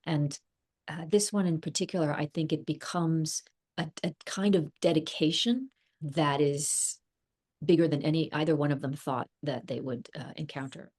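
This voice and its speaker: A middle-aged woman with a notably low voice, chatting casually as an interview guest. She thinks aloud, circles back on her words and often breaks into laughter. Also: steady tone, moderate pace, darkish tone, slightly rough. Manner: thoughtful, rambling, laughs often. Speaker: actress guest.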